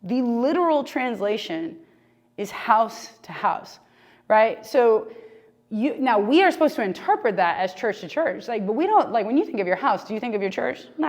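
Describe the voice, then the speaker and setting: A woman leading a casual church Bible study discussion, talking in an animated, conversational way full of "like.". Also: medium pitch. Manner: animated, conversational, heavy use of "like".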